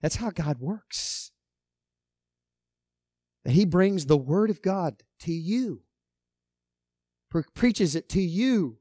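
A man pastor preaching a sermon, emphatic, with loud stresses and quiet asides. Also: sits high, lively intonation, takes it slowly, pauses often, no echo, clean studio sound.

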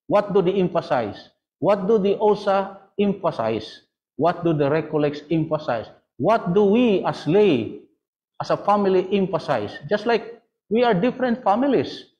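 A man's voice: sits high, a little mellow. A man, a priest on a panel, explaining in a preaching way and asking rhetorical questions. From Philippines. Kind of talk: answering a question in a panel talk. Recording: dull lo-fi audio.

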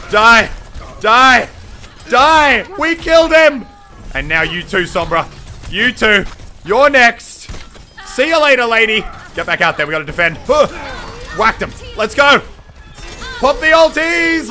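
Excitable young man, high lively voice. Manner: excitable, swearing, shouting at the game. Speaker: gaming channel host. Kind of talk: live gameplay commentary.

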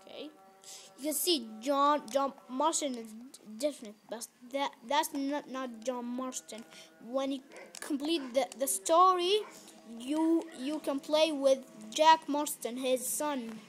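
High voice, slow halting speech, repeats words, yells at game animals, phone recording. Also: soft background music. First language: Arabic. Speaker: gameplay video maker. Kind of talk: casual gameplay commentary. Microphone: phone camera held between the knees.

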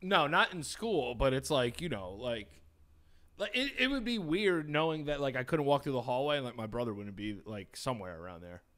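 A man's voice: medium pitch, big pitch swings, a little fast, fairly bright tone. A young man, co-hosting a podcast and trading crude, teasing banter. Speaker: podcast co-host. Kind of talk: casual chat.

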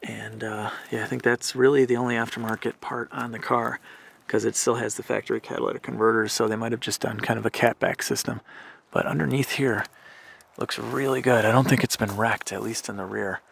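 A man's voice: mid-range voice, little pitch movement, fairly quick, vocal fry, fairly bright tone, husky. A man giving casual, chatty commentary as he walks around and inspects a car, thinking aloud as he goes. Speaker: car flipper vlogger.

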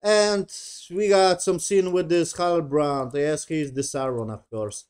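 A man's voice: fairly high pitch, fairly even intonation, measured pace, a little mellow, clear, resonant tone. A man with a somewhat raised voice delivers a casual, foul-mouthed review rant. He speaks English as a second language and sounds sarcastic and fed up, swearing in nearly every sentence. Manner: sarcastic, swears constantly, mocks characters in whiny voices; non-native English phrasing. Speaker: show reviewer.

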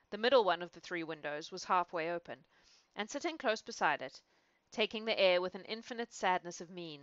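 Low-voiced woman reading a classic novel. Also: fairly bright tone, no echo, lo-fi sound. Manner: chatty and self-amused between passages. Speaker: reader. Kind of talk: storybook reading with casual asides.

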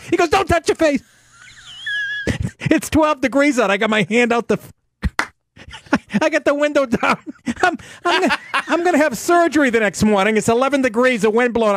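A man's voice: on the high side, dry recording, studio quality. A man hosting a call-in radio show, telling raunchy stories with lots of laughter and swearing. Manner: animated storytelling, laughs often, swears. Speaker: host. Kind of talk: casual call-in radio chat.

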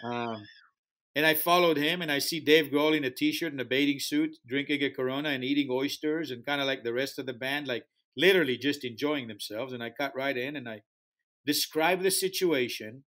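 A man who founded a music festival tells an interview story in animated fashion, acting out quoted dialogue in slightly non-native English. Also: medium pitch, fairly quick.

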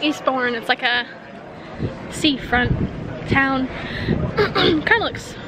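A woman's voice: high voice, animated, slow, crowd noise, noisy background. A young woman vlogging in a chatty, casual way, full of fillers and giggles. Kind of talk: casual vlog chat. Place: outdoors on a windy seafront.

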